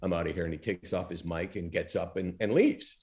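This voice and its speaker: A middle-aged man, a former talk show host, telling stories as a podcast guest and acting out the dialogue he quotes. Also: brisk. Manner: animated storyteller, acts out quoted dialogue with big pitch swings. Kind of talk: storytelling interview talk.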